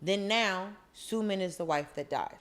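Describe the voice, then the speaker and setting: A woman's voice: medium pitch, measured pace. Blunt, wisecracking woman podcast co-host. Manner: blunt and wisecracking, with slang and swearing. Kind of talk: casual chat recapping a drama.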